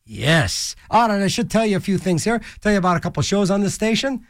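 Goofy, lively radio DJ man. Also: high voice, a little fast, no room sound, studio quality. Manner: goofy, rambling, jokey asides and silly voices. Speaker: college radio DJ. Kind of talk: casual DJ banter. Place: small radio studio. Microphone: studio microphone.

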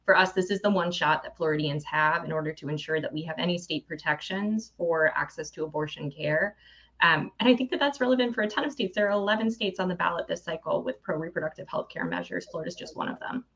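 A woman campaign director answering interview questions with steady, practiced talking points over a remote link. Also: on the low side, fast talker, dull audio.

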